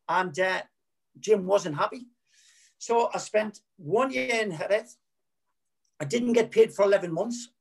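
A man's voice: high voice, slightly rough. A middle-aged man, a former footballer, frankly telling rambling anecdotes in an interview, often correcting himself and repeating words. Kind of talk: candid anecdotal storytelling.

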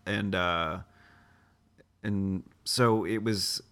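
A man co-hosting a casual podcast, joking in a halting way with many fillers. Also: deep voice, steady tone, fairly bright tone. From Massachusetts. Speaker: podcast co-host. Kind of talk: casual chat.

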